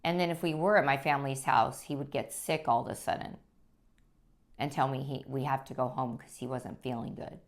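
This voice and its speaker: Low-voiced woman giving earnest testimony. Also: steady tone. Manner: earnest, halting, with frequent restarts. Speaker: guest sharing her life story. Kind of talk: personal testimony.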